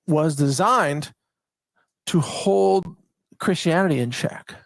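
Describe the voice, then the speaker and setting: A man's voice: fairly high pitch, no echo. A middle-aged man hosting a monologue, reading a document aloud and breaking off for conversational asides and rhetorical questions. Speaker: host.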